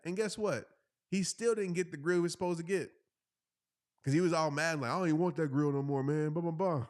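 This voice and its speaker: A man, casually telling a funny story and acting out the voices of the people in it. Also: on the high side. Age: 30s. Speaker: motivational speaker telling a story.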